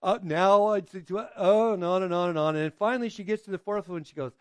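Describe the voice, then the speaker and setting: A man's voice: brisk, hardly any pauses, dry recording. A man preaching a sermon in a conversational way, often asking the congregation "right?" and acting out quoted voices. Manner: acts out quoted voices with drops in pitch. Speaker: pastor.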